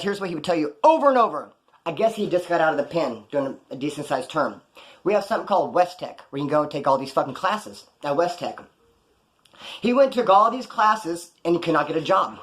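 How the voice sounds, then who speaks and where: A man's voice: fairly high pitch, a bit bright. A man casually telling rambling, profanity-laced stories with a wry edge. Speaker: vlogger recounting jail stories. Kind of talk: casual storytelling.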